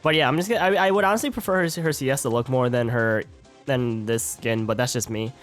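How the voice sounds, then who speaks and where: A man's voice: medium pitch, brisk, faint music behind. A man streaming a game live, chatting casually, stumbling over words and joking with his chat.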